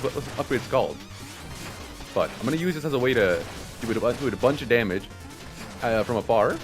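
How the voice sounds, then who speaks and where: Young man, let's play host, rambling gameplay commentary, excitable, swears a lot, wildly swooping pitch, faint game music.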